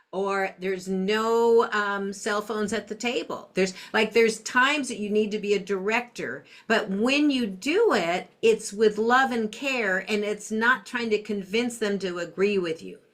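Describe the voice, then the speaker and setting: A middle-aged woman, a guest parenting expert, explaining communication tips in a gentle, conversational way. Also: medium pitch. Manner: gentle, acts out soft empathetic phrases. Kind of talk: interview conversation.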